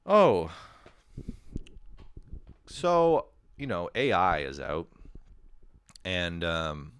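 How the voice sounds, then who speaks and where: Low-voiced guy doing a rambly self-roasting podcast bit, cusses a lot, dry close sound. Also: takes it slowly, smooth, dry recording. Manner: rambling, self-mocking, swears often; jumps into sudden loud animated bursts. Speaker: podcast host. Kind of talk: casual comedic monologue.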